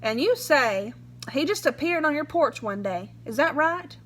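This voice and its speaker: A woman's voice: high voice, expressive, measured pace, a bit bright, a little hiss or hum, pitched above the performer's own voice. A woman reading aloud as a suspicious, blunt small-town sheriff who fires accusing questions. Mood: skeptical. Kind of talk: storybook read-aloud.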